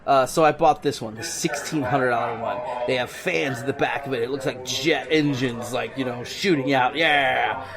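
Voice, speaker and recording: Male co-host, relaxed chat, frequent laughs, halting restarts. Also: medium pitch, vocal fry, loud music behind the voice. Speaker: podcast co-host. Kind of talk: casual chat.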